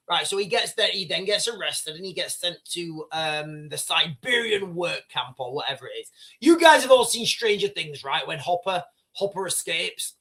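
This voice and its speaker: A British man hosting a casual livestream. He talks to his viewers in a rambling, animated way. His voice is high and bright, and his pitch leaps about freely. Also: normal speed. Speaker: livestream host. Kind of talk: casual live commentary.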